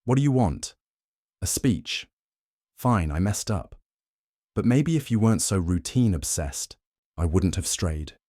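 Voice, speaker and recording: A man with a very low voice voicing a smug, mocking young wife who shrugs off her cheating in an audiobook story. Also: lively intonation, measured pace, long pauses, mellow, dry recording, studio quality. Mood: scornful. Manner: dismissive, mocking.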